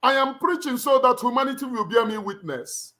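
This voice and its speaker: A middle-aged Nigerian man with a Nigerian accent hosts a livestream, his very high-pitched voice expressive, brisk, pushed and bright. He delivers an impassioned address in an emphatic, preacher-like manner, repeating his lines for weight.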